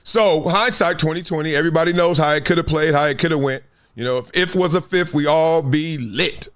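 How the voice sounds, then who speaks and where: A man hosting a sports talk stream in a casual, slangy, animated way, laughing often. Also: a little high, fairly quick. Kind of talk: casual live-stream commentary.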